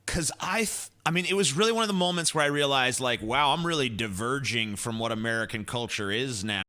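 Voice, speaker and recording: A man with a very bright, sharp-edged voice chatting on a podcast. He swears freely and makes cynical, crude remarks. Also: medium pitch, brisk. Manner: blunt, profane, cynical commentary. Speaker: podcast co-host. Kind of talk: casual chat.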